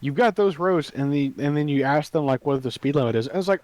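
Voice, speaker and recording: A man's voice: mid-range voice, quick pace, darkish tone, dry recording. A young man co-hosting a podcast, sarcastic and skeptical, trading silly puns. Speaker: podcast co-host. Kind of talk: casual chat.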